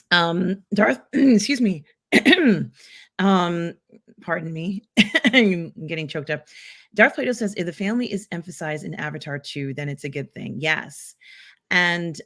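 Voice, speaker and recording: A woman's voice: lowish voice, a bit bright. A woman hosting a casual live pop culture stream, reading out viewer comments in a rambling way with many filler ums.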